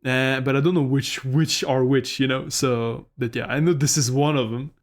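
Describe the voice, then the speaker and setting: A man streaming a game, giving excitable commentary, swearing often and laughing. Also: mid-range voice, normal speed. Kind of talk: let's-play commentary.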